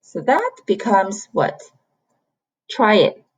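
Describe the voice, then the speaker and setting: A woman's voice: medium pitch, wildly swooping pitch, slow. A woman from China, teaching a beginner pronunciation lesson and patiently repeating sounds to model the tones. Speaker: Chinese language teacher. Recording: slightly dull lo-fi recording.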